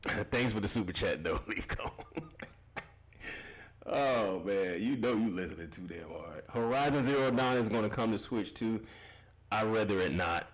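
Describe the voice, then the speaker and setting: A man's voice: lowish voice, lively intonation, normal speed. A young man hosting a casual gaming livestream, reading chat comments aloud, loose and profane, laughing often and repeating himself.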